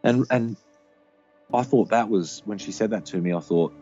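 Deep, dark-voiced reflective man. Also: muffled recording, soft background music. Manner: reflective, halting with many fillers. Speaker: podcast guest. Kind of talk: casual conversation.

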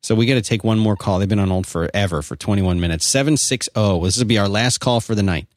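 A man's voice: lowish voice, fast talker, no room sound, studio quality. Chummy middle-aged male podcast host. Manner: animated, chummy, says dude. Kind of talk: casual call-in chat.

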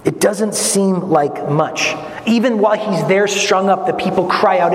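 A man preaches with earnest conviction, his voice sitting a little high and swelling to emphatic peaks before sinking low and quiet. The sound is roomy, with a long reverb tail and a faint hiss beneath it. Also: unhurried. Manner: gestures while speaking. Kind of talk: sermon. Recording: echoey hall with long reverb, faint noise.

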